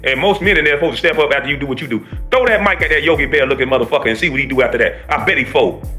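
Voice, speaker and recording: A man's voice: mid-range voice, very fast, bright, forceful tone, faint music behind. A man giving a heated, profane reaction commentary, ranting and preaching to his viewers.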